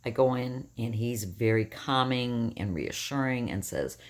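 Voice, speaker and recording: Woman with a rough morning voice. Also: a bass voice, unhurried, few pauses. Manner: rambling, self-correcting, animated. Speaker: vlogger. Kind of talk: casual personal storytelling.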